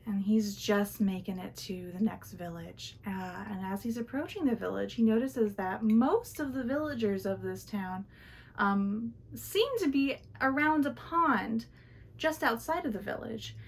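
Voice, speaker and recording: A woman's voice: mid-range voice, a little slow, husky. Chatty woman storyteller. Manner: chatty, with fillers and sighs. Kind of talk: casual oral storytelling.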